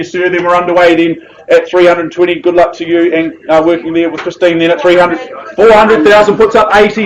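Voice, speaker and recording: A man's voice: high-pitched, lo-fi sound. A man with a New Zealand accent calling a live property auction with jovial, persuasive patter.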